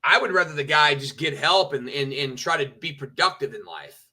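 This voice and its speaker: High, bright-voiced man ranting. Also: animated, moderate pace. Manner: petty, indignant, swearing, mocking. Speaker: streamer reacting to clips. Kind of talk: ranting commentary.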